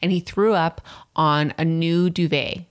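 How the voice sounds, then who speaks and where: Woman podcast co-host, lower pitch, animated storytelling, quotes and filler words. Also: measured pace. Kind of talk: casual couple chat.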